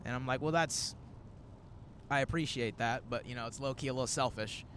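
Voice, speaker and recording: A man's voice: mid-range voice, brisk, fairly bright tone, a little hiss or hum. A man in his twenties, a comedian hosting a casual road-trip chat, telling rambling stories full of quoted asides. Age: 20s. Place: in a moving car.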